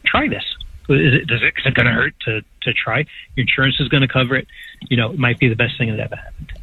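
A man's voice: medium pitch, fast, gravelly, slightly rough, dry recording. A man in his sixties, a patient calling in to a show, who talks in a rambling, enthusiastic way and repeats words as he goes. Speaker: patient guest. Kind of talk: casual phone-in chat. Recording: tinny phone line on radio.

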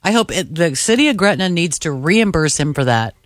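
Co-host, female, chatty, lively pitch, dry sound. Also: a little fast, no room sound. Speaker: radio co-host. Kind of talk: casual radio chat.

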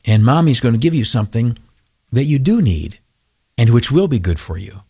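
A man's voice: mid-range voice, big pitch swings, normal speed, mellow, breathy edge, dry recording, studio quality. An older man giving an informal devotional talk in a folksy, rambling way with many fillers.

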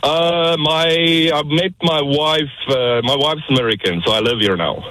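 A man from South Africa with a South African accent, calling in to a radio show and chatting in a hesitant, relaxed way. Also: on the high side, measured pace, slight background noise, poor audio. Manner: hesitant, relaxed, many uh fillers. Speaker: caller. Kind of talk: phone-in chat.

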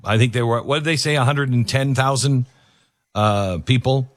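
A man's voice: mid-range voice, moderate pace, dry recording. A man delivering a political opinion monologue, emphatic and repetitive, with frequent fillers and restarts. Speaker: political commentator.

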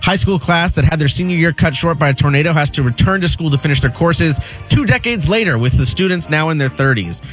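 A man's voice: on the high side, expressive, quick pace, hardly any pauses, soft background music. A man giving an entertainment news segment on a radio show, casual and hesitant with lots of filler sounds.

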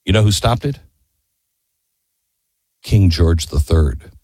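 A man's voice: low-pitched, expressive, slow pace, darkish tone, breathy edge, no room sound, clean studio sound. A man giving an impassioned history talk, telling the story with emphasis and firing off rhetorical questions.

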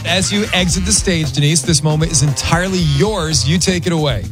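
An upbeat man hosts a morning radio quiz segment, teasing the contestants. His voice sits slightly high for a man, and light music plays behind him. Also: brisk. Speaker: radio show host.

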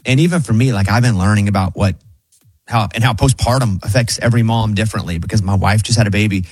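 A man's voice: on the low side, quick pace, darkish tone, slightly rough, no echo, studio quality. A man hosting a radio talk show, chatting casually and asking earnest questions. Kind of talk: casual radio chat and interview.

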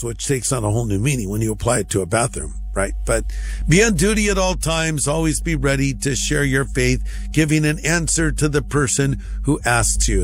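A male pastor telling a humorous story on a radio show and acting out both sides of the dialogue. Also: medium pitch.

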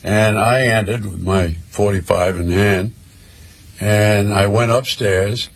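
An older man telling a personal war story in a slow, measured way, with pauses. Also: on the low side, slightly rough.

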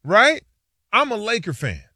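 A man co-hosting a sports talk show, telling stories in a casual, animated way and acting out what friends said. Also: sits high, measured pace, dry recording, clean studio sound. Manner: animated storyteller, slips into quoted voices. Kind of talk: casual sports radio chat.

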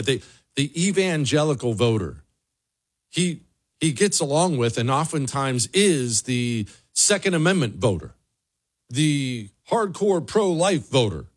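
A man hosting a political commentary show, delivering a sarcastic, emphatic solo monologue with a lot of repetition. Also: medium pitch. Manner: sarcastic, emphatic, repeats for effect.

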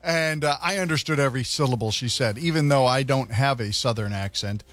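A man's voice: medium pitch, fairly quick, fairly bright tone, faint music behind. A male radio morning host talking casually and rambling with lots of fillers and restarts. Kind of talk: casual on-air chat.

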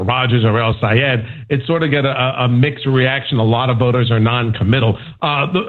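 A man, a national correspondent, talking through politics on a morning radio news show in a conversational way with many fillers and restarts. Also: medium pitch. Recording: tinny phone line.

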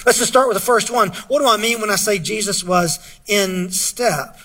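A man's voice: high voice, normal speed, pushed and bright, breathy edge. A man preaching a sermon, reading scripture aloud and earnestly asking his listeners questions. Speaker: pastor.

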